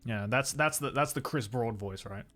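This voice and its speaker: A man's voice: mid-range voice, normal speed, a bit bright, faint music behind. A man chatting casually with his stream audience, often laughing and trailing off with fillers. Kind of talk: casual chat.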